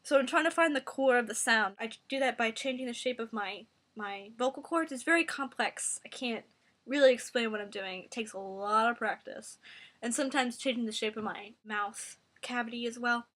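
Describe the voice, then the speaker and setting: A woman giving a mock singing tutorial in a deadpan, rambling, self-serious way. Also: a little high, normal speed.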